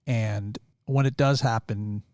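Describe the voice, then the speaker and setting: A man interviewing, asking his questions slowly and quietly. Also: lowish voice, fairly even intonation, dry recording, clean studio sound.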